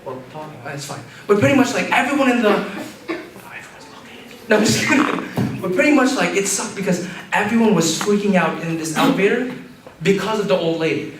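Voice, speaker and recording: A man's voice: high voice, lively intonation, fast. A young man doing an open mic stand-up set, rambling with fillers and laughing at his own jokes, recorded by a far camera in a campus restaurant. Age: young adult. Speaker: stand-up comedian. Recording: echoey room, far camera, background noise.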